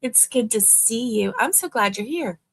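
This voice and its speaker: A woman's voice: fairly high pitch, expressive, moderate pace, creaky. An older woman hosting a crochet live stream, chatting in a gushing, friendly way and laughing easily. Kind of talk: casual live stream chat.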